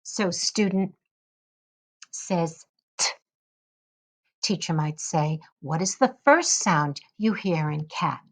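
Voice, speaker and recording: A woman with a lowish voice explains a lesson at an unhurried, measured pace. She carefully sounds out each example for her listeners. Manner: slow, deliberate, models sounds carefully. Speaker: teacher educator. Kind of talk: instructional lesson narration.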